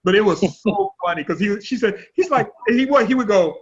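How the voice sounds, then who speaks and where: A man pastor teaching an online class in a chatty, animated storytelling way over a video call. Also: high-pitched, fairly quick, a little hiss or hum. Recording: dull lo-fi online call audio.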